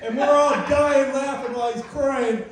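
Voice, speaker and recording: Male stand-up comic, high voice, crude storyteller who shouts out the quotes; roomy far-off club sound. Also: steady tone, normal speed. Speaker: stand-up comedian. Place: comedy club stage. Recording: echoey club from far off with noise.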